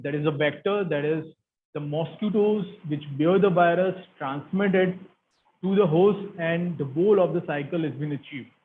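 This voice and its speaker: A man's voice: a little high, slight background noise. A man with an Indian English accent giving an academic lecture as guest speaker, explaining steadily with frequent fillers. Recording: tinny phone-like line.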